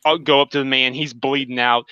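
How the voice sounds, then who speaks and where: Bright-voiced man on a podcast. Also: medium pitch, fairly quick, smooth, dry recording, dull audio. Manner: enthusiastic, animated storytelling with acted quotes. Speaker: podcast co-host. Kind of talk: casual gaming podcast chat.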